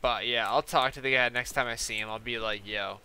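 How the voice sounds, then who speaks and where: A man's voice: medium pitch, fairly even intonation, fairly quick, pushed and bright, clean tone. Rambling young man streaming a game. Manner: rambling storytelling with many fillers and quoted back-and-forth. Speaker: gaming streamer. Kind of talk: casual live-stream chat while playing.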